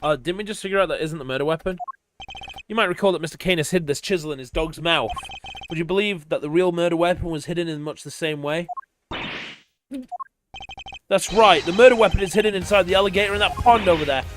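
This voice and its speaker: A man voicing a composed male prosecutor who speaks calmly and deliberately. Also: fairly high pitch, over music, natural voice. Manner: calm, deliberate.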